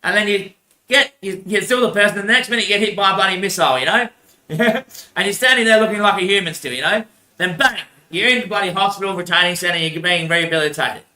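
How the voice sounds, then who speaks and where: A man's voice: sits high, quick pace, pushed and bright, reverberant. A man in a rambling monologue, repeating himself, swearing and laughing often.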